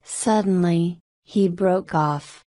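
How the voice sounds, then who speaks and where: A woman narrating a novel slowly and carefully for English learners. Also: fairly low pitch, warm tone, no room sound, studio quality. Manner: slow, careful reading.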